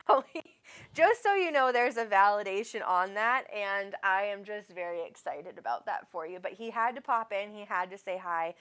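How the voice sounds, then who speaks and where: A woman's voice: a little high, moderate pace, a bit bright. A middle-aged woman hosting a live psychic reading show, talking to callers in a rambling, affectionate way with lots of fillers. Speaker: psychic medium host.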